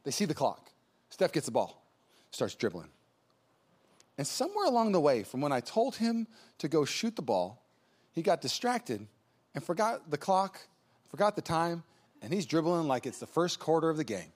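A male pastor giving an energetic sermon, joking in asides and building to fervent calls to prayer. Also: a little high, normal speed, pauses often. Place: church service.

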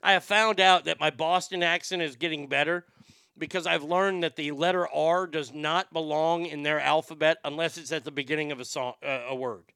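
A man, a comedian and impressionist, chatting casually on a podcast in a profane, animated way with stammering restarts, close to the mic. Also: fairly high pitch, moderate pace, clean tone, no echo.

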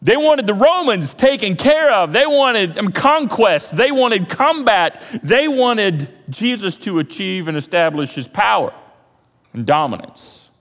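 A man preaching a sermon as pastor, animated and acting out scenes in quoted voices. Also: high voice, a little slow. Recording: long hall reverb.

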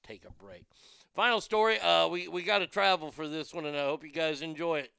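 A man's voice: a little high, a little fast, creaky. A man hosting a podcast, reading odd news stories and ranting about them with crude, profane, mocking outrage. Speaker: podcast host. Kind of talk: crude comedic news rant.

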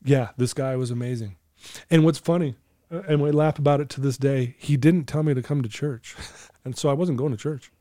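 A man's voice: mid-range voice, fairly even intonation, a little fast, dark tone, no echo, studio quality. A man in his fifties, a recovery coach, telling a personal story as a podcast guest in an earnest, emotional way, laughing easily.

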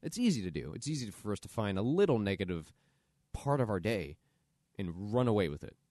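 A man's voice: fairly low pitch, sing-song, fairly quick, a little mellow, dry recording, clean studio sound. A man hosting a solo podcast, talking earnestly and conversationally about self-compassion as motivational advice. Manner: earnest, conversational, acts out quoted inner voices. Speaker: podcast host.

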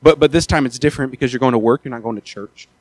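A man preaching a sermon, often repeating and restarting his words, who rises from quiet talk to loud, urgent appeals. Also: medium pitch, very fast, no echo. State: out of breath after the peak.

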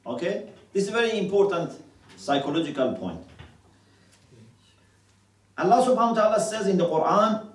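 A man's voice: high-pitched, animated, brisk, long pauses, echoey room, distant mic, poor audio. A man teaching a religious class, quoting scripture in Arabic and asking his students questions. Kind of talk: classroom lecture.

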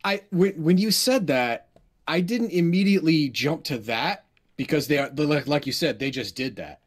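A man's voice: a little high, lively intonation, normal speed. Thoughtful man in casual chat.

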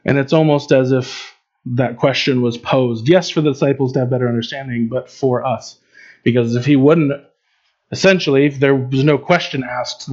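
A man's voice: medium pitch, a little mellow, lo-fi sound. A man preaching in an informal, conversational way, with frequent fillers and restarts. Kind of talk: informal Bible teaching.

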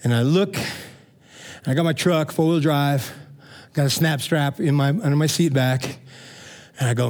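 A middle-aged man preaching a sermon as pastor, telling stories in a lively, conversational way and checking in with the congregation. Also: high voice, moderate pace. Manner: animated storytelling, frequent "man" and "amen?" asides.

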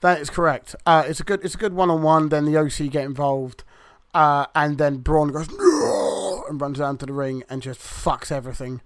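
A man's voice: fairly high pitch, little pitch movement, fast talker, few pauses, smooth. A man co-hosting a podcast, chatting casually through a wrestling review, rambling and swearing freely as he acts out the wrestlers' lines. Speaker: podcast co-host.

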